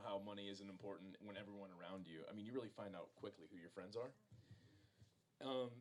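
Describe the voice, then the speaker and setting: A man in his thirties tells a story to a bookstore audience in an easy, rambling way. He is self-deprecating and full of fillers and restarts. His voice sits at a middling pitch. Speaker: author speaking at a book event. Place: bookstore event room.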